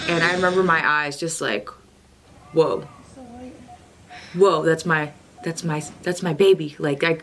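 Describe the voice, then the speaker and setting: A woman's voice: fairly low pitch, a bit bright. A young woman vlogger and new mother, telling a personal story in a chatty, emotional way with lots of fillers and restarts.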